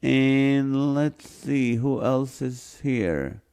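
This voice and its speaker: Male livestream host, slow unhurried delivery, playful, reads viewer guesses aloud. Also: mid-range voice, warm tone, smooth. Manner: jokey, playful. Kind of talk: live-stream chat reading viewer comments.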